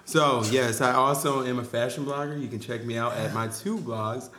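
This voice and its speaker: A man in his thirties from South Jersey, a guest on a casual podcast, upbeat and quick to laugh. His voice is mid-pitched and sounds a bit roomy, as if in an echoey space. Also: steady tone, pushed and bright. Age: 30s. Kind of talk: casual chat.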